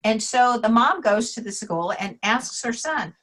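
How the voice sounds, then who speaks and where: A woman interview guest, an author on names, telling anecdotes in a lively way, acting out the quotes and laughing often. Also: a little high, unhurried, low-quality recording. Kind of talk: casual storytelling interview.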